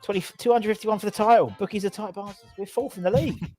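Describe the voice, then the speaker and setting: A man's voice: high voice, quick pace, mellow, soft background music. A man hosting a casual football fan chat show, rambling through stories and reading out viewer comments. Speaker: podcast host.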